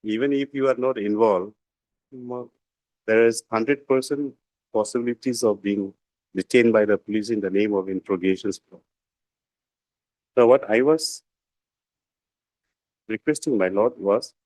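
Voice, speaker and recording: A man's voice: on the low side, measured pace, pauses often, a little mellow, dry recording, rough recording. Deferential male lawyer. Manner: deferential, repeats "my lord" often, hesitant with fillers. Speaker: defence lawyer. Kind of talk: courtroom argument.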